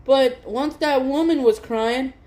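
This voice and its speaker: A woman's voice: high voice, takes it slowly, darkish tone. A woman hosting a livestream, giving blunt, opinionated reaction commentary and swearing freely. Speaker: livestream host.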